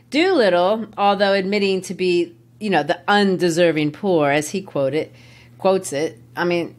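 A woman hosting an educational literature podcast, explaining a play in an engaged way and laughing easily. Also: on the low side. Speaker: podcast host, literature teacher.

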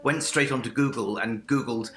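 Bright, effusive posh English man. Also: mid-range voice, moderate pace, roomy sound. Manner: effusive, theatrical storyteller. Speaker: vocal coach guest. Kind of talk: enthusiastic interview answers. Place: remote link from home with piano.

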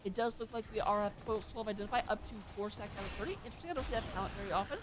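A woman casting an amateur esports match with play-by-play commentary, chatty and excitable, with joking asides. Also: mid-range voice, racing, background noise. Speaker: esports caster.

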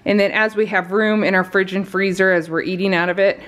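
A woman's voice: medium pitch, steady tone, a little fast, fairly bright tone. A woman, chatting casually through a grocery haul, out of breath and laughing often. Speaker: vlogger showing a grocery haul. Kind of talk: casual chat.

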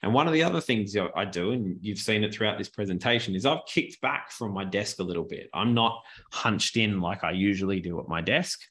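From a home office, a man whose voice sits fairly low delivers a webinar on presentation skills. A quality desk mic records him being animated and intentionally altering his speed and tone.

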